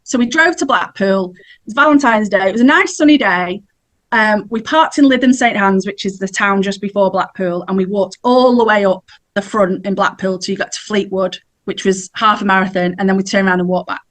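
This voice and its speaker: A woman's voice: medium pitch, brisk, fairly bright tone. A middle-aged woman, telling a personal story in a chatty way as a podcast guest and laughing now and then. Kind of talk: casual storytelling.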